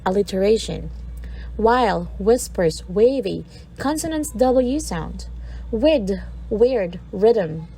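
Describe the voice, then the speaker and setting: A woman's voice: medium pitch, vocal fry, warm tone, rough recording. Woman teaching a poem, faint hiss. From Philippines. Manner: reads verse aloud, then breaks down sounds word by word. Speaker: teacher presenting a lesson. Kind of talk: explaining a poem in a recorded lesson.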